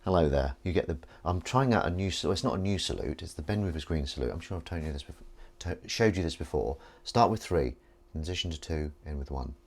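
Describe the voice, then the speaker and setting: A man's voice: extremely low pitch, lively intonation, a little fast, hardly any pauses. A man hosting a live stream at home, talking in a rambling, playful, self-mocking way. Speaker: livestream host. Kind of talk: casual live-stream chat.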